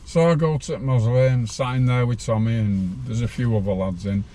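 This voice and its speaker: A man's voice: mid-range voice, moderate pace, warm tone, a little hiss or hum. A man in his sixties, a podcast guest telling a rambling story from his own life in a plain-spoken way.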